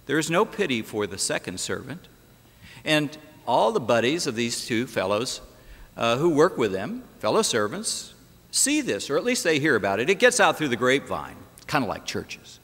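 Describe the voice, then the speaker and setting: A man's voice: medium pitch, huge pitch swings, moderate pace, fairly bright tone, slightly rough. A man preaching a sermon as pastor in a church, telling the story dramatically and asking rhetorical questions. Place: church sanctuary. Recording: echoey church hall.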